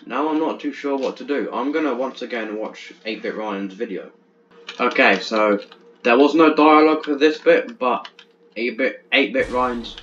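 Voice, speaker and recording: A young man doing let's-play commentary on a horror game, chatty and easily excited, tripping over his words in bursts. His pitch sits in an average range. The recording is dull and lo-fi, with a faint hiss under it. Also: normal speed. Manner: chatty, jumpy, stammers when excited. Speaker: gaming channel host.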